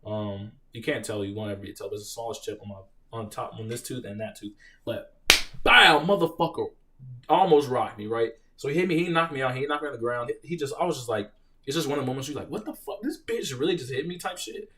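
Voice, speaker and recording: A young man hosting a casual live Q&A, reading out viewer questions and telling stories in an animated, profane way. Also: medium pitch, fast, recorded from a distance. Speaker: live stream host, Marine veteran.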